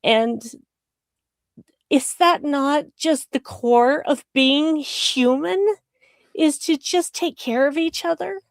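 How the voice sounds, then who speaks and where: A woman's voice: sits high, takes it slowly, gravelly, dry recording, studio quality. A woman co-hosting a live online chat show, talking candidly and earnestly on a video call. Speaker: co-host. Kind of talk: casual chat.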